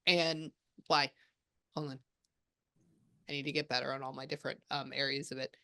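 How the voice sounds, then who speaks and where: A woman working as a psychic medium, talking casually and excitedly with many fillers, relaying what spirits say. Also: very deep voice, normal speed. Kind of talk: casual spirit reading session.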